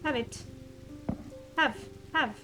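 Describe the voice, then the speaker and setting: High-voiced woman musing through a game. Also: slow pace, over music, rough recording. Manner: thinks aloud, muses softly. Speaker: game streamer. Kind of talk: blind game playthrough commentary.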